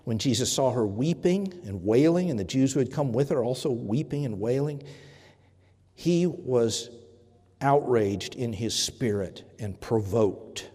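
A man preaching a sermon, earnest and deliberate, pausing often and correcting himself as he goes. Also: mid-range voice, expressive, mellow, husky. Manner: earnest, with pauses and self-corrections. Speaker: pastor. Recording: reverberant hall.

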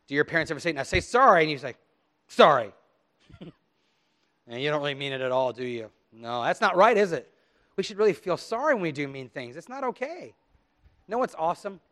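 A man's voice: a little high, a bit bright. A middle-aged man, a pastor, reading scripture solemnly and then telling a story to children with many questions.

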